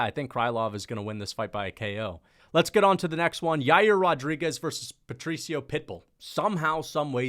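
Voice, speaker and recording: A man's voice: mid-range voice, a bit bright. A young man giving a casual, rambling monologue that breaks down upcoming fights, full of slang and "like" and "dude.". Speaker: MMA prediction YouTuber.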